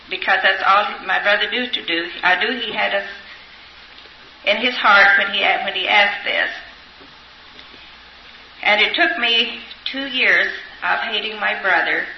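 An older woman giving an earnest, reflective personal testimony, pausing and hesitating as she tells her story. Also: mid-range voice, slight background noise. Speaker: speaker sharing recovery story. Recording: roomy, dull older recording.

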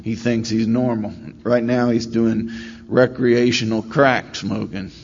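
A middle-aged man tells his story at a meeting with wry, self-deprecating humor, drifting along and stopping often to hunt for words. His pitch sits in an ordinary middle range. The recording sounds slightly dull and carries a faint hum of room noise. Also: little pitch movement, gravelly. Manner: rambling, wry and self-deprecating, with many "uh" pauses. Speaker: speaker sharing at a recovery meeting. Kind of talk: storytelling share.

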